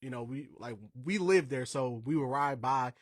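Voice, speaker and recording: A man's voice: mid-range voice, moderate pace, no echo. Emphatic male podcast host, dry close mic. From Indiana, USA. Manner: emphatic, conversational, wandering asides. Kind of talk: casual podcast storytelling.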